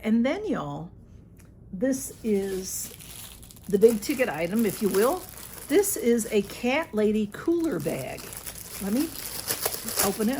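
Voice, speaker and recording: Woman, casual gushing unboxing vlogger who chats to her cats, mid-pitched voice, faint hiss behind her. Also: vocal fry, a little mellow. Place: home.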